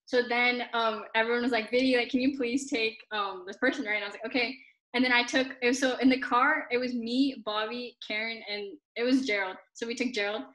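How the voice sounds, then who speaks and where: A woman's voice: on the high side, fairly even intonation, fairly quick, fairly bright tone. A teenage girl rambling through a story in casual chat with friends, full of fillers. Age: teens. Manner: rambling, filler-heavy retelling.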